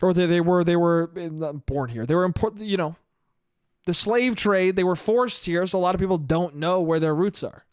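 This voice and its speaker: Young man, solo podcast host, casual rambling monologue, profane, laughs often, somewhat high voice, dry close sound. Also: moderate pace, a little mellow, smooth, dry recording.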